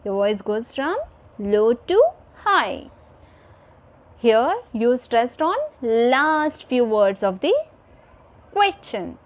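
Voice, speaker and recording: A woman's voice: fairly high pitch, lively intonation, slow. A woman teacher giving a recorded video lesson to children, repeating each point and checking in with "fine" and "okay".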